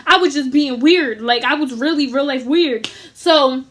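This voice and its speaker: A woman vlogger telling a story to camera in a casual, animated, profane and slangy way. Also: high-pitched, unhurried.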